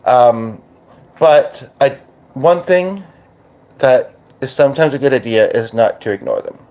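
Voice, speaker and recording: A Canadian man hosting a podcast as a medium, talking casually and haltingly with many restarts. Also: medium pitch, a little mellow, highs cut off. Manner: hesitant, full of restarts and fillers. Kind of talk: casual channeling monologue.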